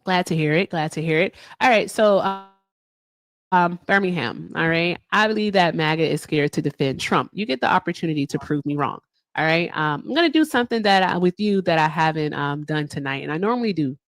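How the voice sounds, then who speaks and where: A woman's voice: sits low, expressive, a little fast, no echo, studio quality. Teasing woman hosting a livestream. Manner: playful, teasing, laughs often. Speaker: livestream debate host. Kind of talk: casual livestream chat.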